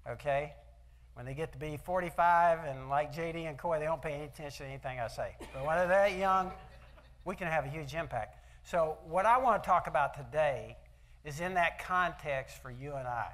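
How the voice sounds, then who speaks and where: A man's voice: fairly high pitch, a bit bright. An older man giving a motivational talk at an event, telling folksy personal stories and asking the audience rhetorical questions. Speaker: speaker at an event. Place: event hall.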